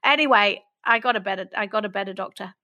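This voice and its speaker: A woman's voice: mid-range voice, fast talker, bright, forceful tone, dull audio. A middle-aged woman from England talking candidly and reflectively in an interview, sometimes laughing at herself. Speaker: guest.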